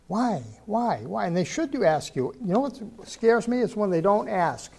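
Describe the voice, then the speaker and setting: An older man preaches in an easygoing, conversational way. He asks his listeners rhetorical questions and often stops and restarts mid-sentence. His voice sits a little high for a man. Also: a little mellow. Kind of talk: informal sermon.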